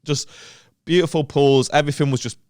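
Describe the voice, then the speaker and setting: A young Northern English man co-hosting a comedy podcast, telling sweary, animated stories and laughing through them. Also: a little high, brisk, smooth, no room sound, clean studio sound. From Northern England. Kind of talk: casual comedic storytelling.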